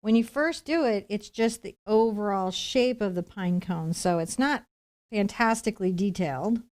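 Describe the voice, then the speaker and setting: A woman teaching acrylic painting on a live stream, explaining each step in a chatty, relaxed way. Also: medium pitch, normal speed.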